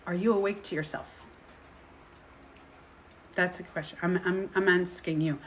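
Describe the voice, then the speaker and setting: A woman self-projection coach delivers a casual, rambling monologue straight to camera, occasionally acting out other people's voices. Her voice is on the low side with fairly even intonation at normal speed, and there's a little hiss or hum.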